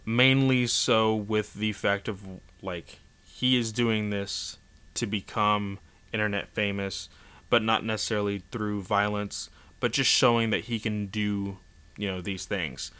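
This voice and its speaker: A man's voice: on the low side, fairly even intonation, unhurried, bright, forceful tone, clear, resonant tone. A man casually recapping a comic chapter in a rambling way, with many fillers and restarts. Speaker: manga chapter reviewer.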